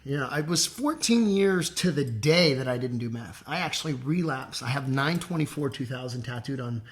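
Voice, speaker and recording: A man from southern California, a guest in a casual interview, telling his story in an animated way, with sudden jumps in pitch and loudness as he acts out his past thoughts. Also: normal speed.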